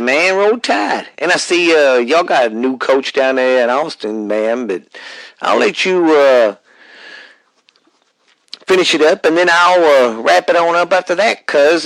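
A man's voice: fairly high pitch, fairly bright tone, no room sound, low-quality recording. A man with a Louisiana accent co-hosting a casual podcast, rambling and drawling with lots of fillers and cursing. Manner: rambling, drawling, swears freely, many fillers. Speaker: podcast co-host.

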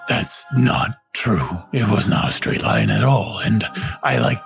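A man voicing a gruff, chain-smoking male squirrel messenger with a low, gravelly voice that slips into a whisper. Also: wildly swooping pitch, measured pace, soft background music, exaggerated voice. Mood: grumbling. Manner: low, grumbling and sometimes whispered.

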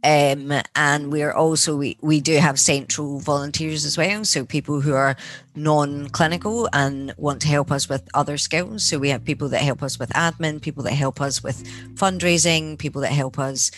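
A woman's voice: low voice, normal speed. A woman from Scotland, a guest being interviewed, giving upbeat answers and explaining practical details. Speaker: guest, veterinary charity co-founder.

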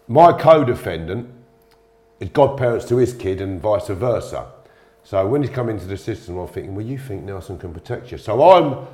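Brief: low-voiced middle-aged man, blunt and slangy, swears freely, roomy echo. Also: darkish tone. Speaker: interview guest. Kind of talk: storytelling in conversation.

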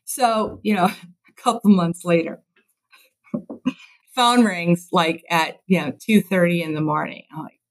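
Lively woman storyteller from Chicago. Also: on the low side, unhurried, long pauses, poor audio. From Chicago, USA. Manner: lively storyteller who acts out quoted voices. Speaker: podcast guest, construction executive. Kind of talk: casual interview chat.

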